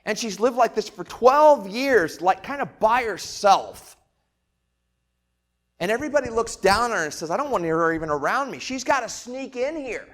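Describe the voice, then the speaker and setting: A man's voice: high voice, expressive, moderate pace. Casual man preaching a sermon. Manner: casual conversational preaching with rhetorical questions; swings between loud emphatic and quiet. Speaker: pastor.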